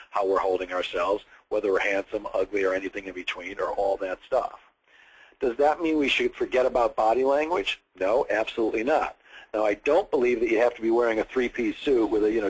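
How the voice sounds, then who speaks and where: Husky guy teaching a sales seminar, mid-pitched, lively and chatty. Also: rough recording. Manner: enthusiastic, varied inflection; conversational, with frequent restarts. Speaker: sales trainer. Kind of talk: training seminar lecture.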